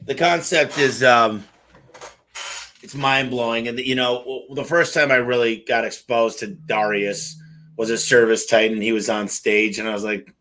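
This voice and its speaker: A man's voice: medium pitch, steady tone, normal speed, pushed and bright, a little hiss or hum. A male host chatting casually with a guest. He is enthusiastic and jokey and tells anecdotes. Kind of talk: casual business interview chat.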